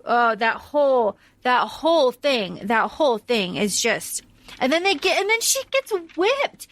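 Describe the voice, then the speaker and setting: A woman's voice: fairly high pitch, a little slow. A woman co-hosting a casual podcast, talking bluntly and with some swearing, and telling a story with animation. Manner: blunt and profane, animated retelling. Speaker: podcast co-host. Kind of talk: casual chat.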